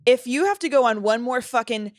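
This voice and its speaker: A young woman co-hosting a podcast in casual chat, sarcastic and quick to laugh. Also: a little high, no echo, studio quality. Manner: sarcastic, laughs often, animated. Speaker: podcast co-host.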